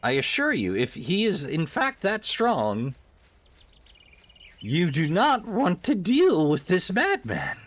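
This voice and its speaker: Chatty man with a lively voice. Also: high voice, slow pace, no room sound. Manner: chatty, wry, suspicious asides, swears. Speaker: let's-play host. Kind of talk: casual gameplay commentary.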